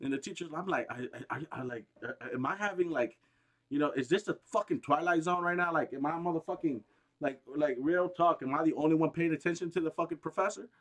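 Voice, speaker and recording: A gaming streamer delivering a heated, rambling, profane rant, restarting sentences often and bursting out with emphasis. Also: male voice, fairly high pitch, fast talker, a bit bright. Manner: agitated, emphatic outbursts.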